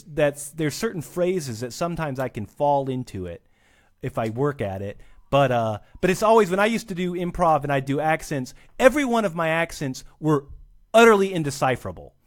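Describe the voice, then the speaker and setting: A man chatting as a podcast guest, rambling and self-deprecating, often restarting his sentences. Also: on the high side. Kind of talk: casual chat.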